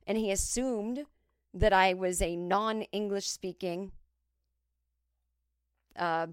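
A woman's voice: mid-range voice, slow pace, smooth, dry recording. Woman, 40s, solo comic storyteller, chatty, close dry sound. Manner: chatty, animated impressions of others. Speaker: podcast host.

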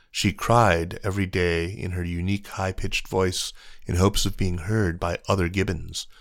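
Low-voiced guy reading a news story, steady and even, dry close sound. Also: no echo. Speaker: news narrator. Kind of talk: scripted news narration.

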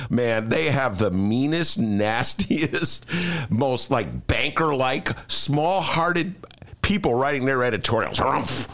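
A man's voice: medium pitch, fairly bright tone. An older man hosting a radio talk show, chatting casually in a joking, ranting way.

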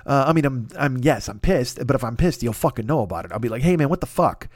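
A man hosting a podcast, telling a self-deprecating comic story in an animated, profane way. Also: mid-range voice, quick pace, no room sound, clean studio sound. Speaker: podcast host. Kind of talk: comedic storytelling monologue.

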